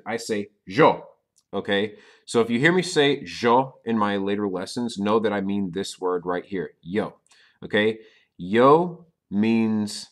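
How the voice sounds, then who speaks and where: A man teaching a recorded Spanish lesson in a patient way, often checking in with "okay?" and stressing key words loudly. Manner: stresses key words with sudden loud, high emphasis.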